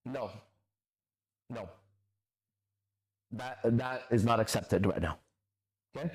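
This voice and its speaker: A man's voice: medium pitch, slow pace, pauses often, darkish tone. Confrontational man lecturing on a livestream. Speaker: host. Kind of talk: livestream reading and answering chat comments.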